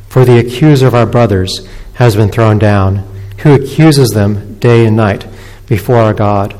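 A male pastor giving a sermon, reading scripture and leading prayer in a measured, solemn way in a church sanctuary. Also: medium pitch, darkish tone, big-room sound, poor audio.

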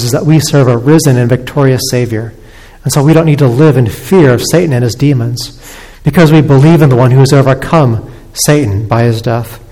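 A man preaching a sermon in an earnest, steady voice at a middling pitch, sometimes restarting his words. His voice rings out with a long reverb, as in a church hall. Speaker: pastor.

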